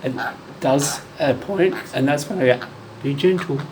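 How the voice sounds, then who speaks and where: An Australian man in a casual pet training vlog, coaxing his bird in a high sing-song voice and repeating short phrases, recorded on a handheld phone. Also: normal speed, darkish tone, a little hiss or hum, rough recording. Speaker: bird owner and vlogger.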